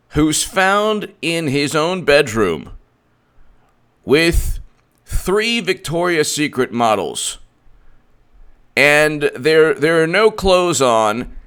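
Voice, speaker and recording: A man giving solo political commentary, animated, acting out little scenes and restarting mid-sentence. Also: a little high, clean tone.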